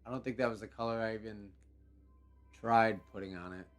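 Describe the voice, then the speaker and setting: A man hosting a live game show stream, talking casually in a relaxed, rambling way with many fillers. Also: lowish voice, a little fast, faint music behind.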